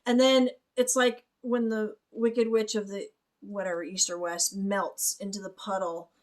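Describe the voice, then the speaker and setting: Her medium-pitched, level voice moves a little slowly as this spiritual reader walks through a music video. She explains softly in reaction commentary, frequently asking "okay?" and laughing lightly.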